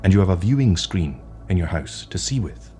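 A cold machine police car interrogating a passerby in a story reading, clipped and metallic , as a man puts it on. The voice sits very low and dark, with faint music underneath. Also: expressive, fairly quick. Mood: curt.

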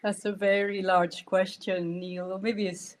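A woman's voice: mid-range voice, level tone, a little slow. A French-born woman with a Scottish accent tinged with Irish, talking as a guest in a hesitant, restarting way with frequent laughter. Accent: Scottish with French and Irish traces. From France. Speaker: guest, nonviolent communication trainer. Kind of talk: casual conversation.

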